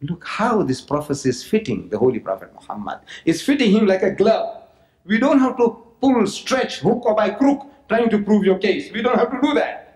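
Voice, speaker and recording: Animated male lecturer in a roomy hall. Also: sits high, moderate pace. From South Africa. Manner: animated, mocking asides, repeats phrases. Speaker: public lecturer. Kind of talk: religious lecture to an audience.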